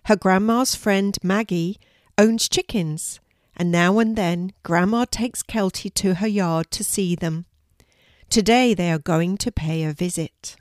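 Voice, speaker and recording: An older woman, a grandmother, reading a children's story aloud in a calm, clear way. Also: mid-range voice, a little slow, no echo, studio quality.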